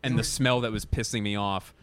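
A man's voice: lowish voice, steady tone, fairly quick, fairly bright tone, smooth. A young man co-hosting a casual podcast chat, telling a long, rambling story and laughing through his own words. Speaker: podcast co-host.

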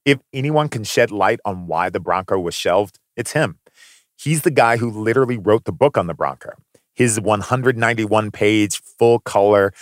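A man's voice: fairly low pitch, dry recording, studio quality. A man narrating a documentary in a polished, wry scripted voice-over.

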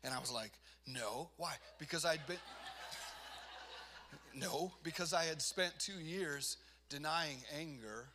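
Male pastor, somewhat high, bright voice; earnest testimony that builds to emphatic peaks. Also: unhurried, pauses often. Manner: self-deprecating, laughs at himself. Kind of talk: personal testimony sermon.

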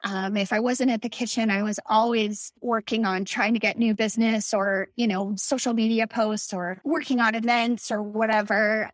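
A woman's voice: a little high, no echo. A woman being interviewed on a podcast, talking frankly and wearily, acting out the people in her story. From Colorado. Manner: frank, tired, tells story with quoted dialogue. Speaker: podcast guest, former bakery owner. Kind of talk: candid conversational interview.

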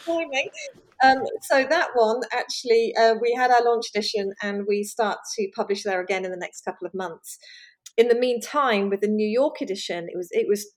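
A woman, a magazine editor, talking in a relaxed interview, laughing often and restarting her sentences. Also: fairly high pitch, normal speed. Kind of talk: conversational interview.

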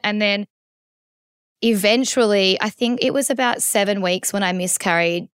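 A woman in her thirties talks openly as an interview guest. Her voice is smooth and resonant. It sits in a dry, close room. She rambles a little, doubling back and reaching for words as she goes. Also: mid-range voice, moderate pace, a bit bright, dry recording. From Australia. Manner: candid and emotional, many restarts and "like"s. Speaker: podcast guest. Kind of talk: conversational interview.

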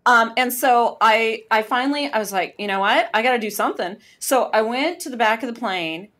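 A woman who works as a flight attendant, telling a story in a lively, laughing way as a podcast guest. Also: a little high, brisk. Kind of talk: casual storytelling.

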